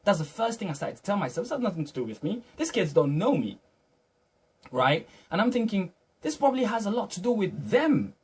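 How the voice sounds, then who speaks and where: A man's voice: high voice, very animated, a little fast, breathy edge. A man earnestly retelling a personal encounter in a reflective, motivational way, often repeating and restarting his phrases. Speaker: vlogger.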